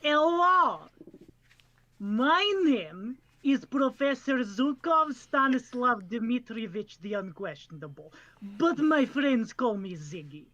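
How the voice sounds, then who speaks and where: A man's voice: very high voice, animated, takes it slowly, bright, forceful tone, no echo, dull audio, heavily acted. A man voicing a lanky male brown bear professor who talks in a mock Russian accent and snaps curt retorts. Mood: blustering.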